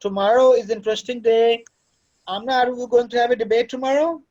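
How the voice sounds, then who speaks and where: A man's voice: very high-pitched, steady tone, a little fast, darkish tone, highs cut off. A man lecturing students in a paternal way, slipping into at times. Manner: fatherly, lecturing, switches into Urdu. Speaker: course director and lecturer. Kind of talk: classroom talk to students. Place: classroom.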